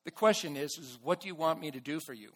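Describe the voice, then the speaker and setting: A man preaching a sermon to his church in an earnest way, with restarts and bursts of loud emphasis. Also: fairly high pitch, fast talker, breathy edge. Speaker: pastor.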